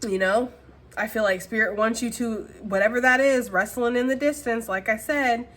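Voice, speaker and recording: A woman's voice: a little high, moderate pace, a bit bright. A woman talking through a casual tarot card reading at home in a chatty way. She laughs often and repeats phrases. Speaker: tarot reader.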